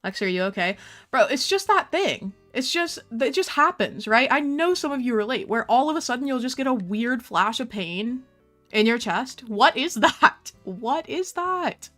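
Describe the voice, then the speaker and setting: A woman's voice: on the high side, lively intonation, moderate pace, a bit bright, faint music behind. A young woman casually chatting on a game stream, playful and talkative, talking to her cat and viewers.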